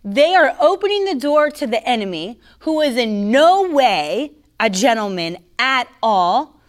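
A woman's voice: on the high side, very animated, unhurried. Emphatic woman teaching faith casually. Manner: conversational, mocking, emphatic; sips coffee while talking. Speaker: Christian teacher.

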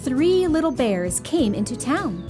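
A woman's voice: sits high, big pitch swings, a little slow, music in the background. A woman reading a picture book aloud to young children as a storyteller, in a sweet, sing-song manner.

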